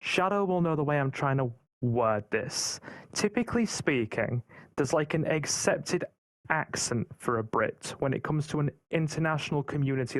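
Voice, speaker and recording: A man's voice: mid-range voice, no echo. A British man talking casually in a podcast roundtable, rambling and often repeating words as he thinks. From Britain.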